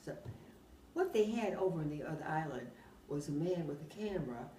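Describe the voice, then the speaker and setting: An older woman with a drawl spins long, winding anecdotes, her voice sitting a little low. She sounds set back from the mic in a roomy space, with a faint hum behind her. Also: a little fast, far from the mic. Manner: rambling, animated, often laughing while telling anecdotes. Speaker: oral history interviewee. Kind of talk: casual storytelling.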